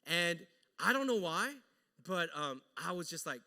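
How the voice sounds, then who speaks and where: Casting note: high, lively male pastor, casual joking sermon storyteller, echoey church hall. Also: unhurried. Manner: animated, joking, conversational. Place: church sanctuary.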